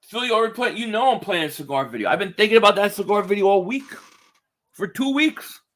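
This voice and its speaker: A man's voice: high voice, quick pace. A man on a live stream who calls a football game play by play and chats loosely with his viewers, swearing now and then. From Philadelphia area. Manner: loose and excitable, swearing, reading chat aloud. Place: home, indoors.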